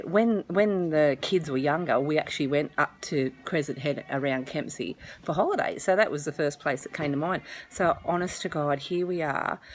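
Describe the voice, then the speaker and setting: Low-voiced Australian woman telling a story. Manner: chatty, swears freely, self-mocking. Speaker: vlogger. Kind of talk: casual storytelling to camera.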